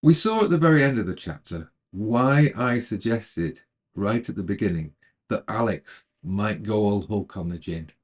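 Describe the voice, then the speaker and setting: A man narrating a retelling of a film's plot in a calm, measured way, then adding his own commentary. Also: on the low side. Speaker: storyteller retelling a film.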